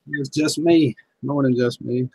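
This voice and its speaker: A man's voice: medium pitch, steady tone, a little slow, creaky, mellow, breathy edge, no echo, rough recording. A man from Kentucky, hosting a casual livestream chat and telling folksy stories. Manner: folksy storyteller, chuckling often. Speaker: livestream host.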